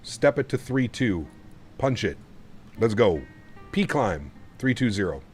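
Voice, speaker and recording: A man's voice: fairly low pitch, sing-song, unhurried, soft background music. Easygoing, rambling male flight sim streamer. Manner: rambling, easygoing, laughs often. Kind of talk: casual livestream chat.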